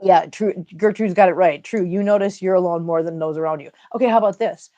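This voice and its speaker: A woman's voice: lowish voice, fairly quick, mellow, dull audio. A middle-aged woman hosting a casual livestream, joking and chatting as she reads viewer comments aloud. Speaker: livestream host reading chat.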